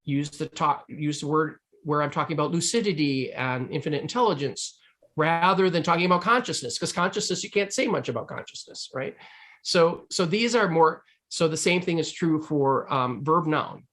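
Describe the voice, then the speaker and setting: A man's voice: fairly high pitch, moderate pace, fairly bright tone. A man speaking as a guest author, answering questions in a loose, discursive way with frequent restarts. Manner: discursive, restarts often, hedges with "you know". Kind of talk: explaining ideas in a Q&A.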